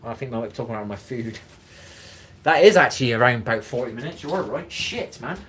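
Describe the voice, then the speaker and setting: A man's voice: mid-range voice, expressive, fairly quick, a bit bright, slight background noise. A man hosting a live stream in casual chat, rambling, swearing and greeting viewers by name.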